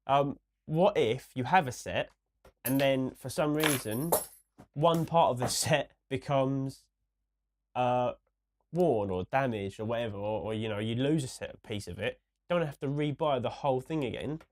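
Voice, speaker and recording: Rambling man with a hoarse voice. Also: mid-range voice, moderate pace. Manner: rambling, ranting, many restarts. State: hoarse from a recent cold. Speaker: podcast co-host. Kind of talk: casual podcast chat.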